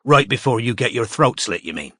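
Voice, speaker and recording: A man voicing a gruff, impatient male detective on crutches who talks bluntly, in a dry audiobook recording. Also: mid-range voice, animated, brisk, pushed and bright, no room sound.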